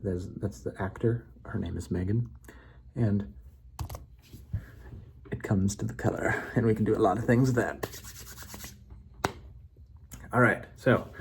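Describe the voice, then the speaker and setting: Low, husky man rambling playfully. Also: warm tone. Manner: playful, rambling, self-correcting. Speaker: vlogger. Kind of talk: casual rambling monologue building a memory story.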